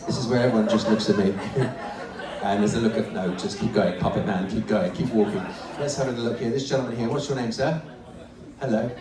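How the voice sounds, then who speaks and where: A man's voice: fairly low pitch, a little fast. A man ventriloquist comedian doing teasing, chatty crowd work live on stage with audience volunteers. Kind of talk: live stand-up with audience participation. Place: large cruise ship theatre stage. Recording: echoey theatre, distant mic, audience crowd.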